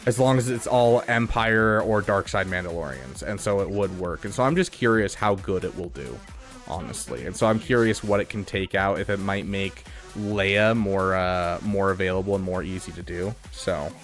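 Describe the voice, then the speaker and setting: Male streamer with a lowish voice, rambling casual commentary over faint music. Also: normal speed. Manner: chatty, thinks aloud, frequent fillers. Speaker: streamer reviewing game accounts.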